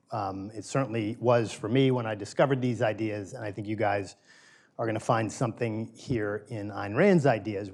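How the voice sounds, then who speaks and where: A middle-aged man with a fairly low, somewhat dark voice gives an informal philosophy lecture as a guest speaker to a small live audience in a small room. His delivery is loose and conversational, and he repeats key phrases for emphasis.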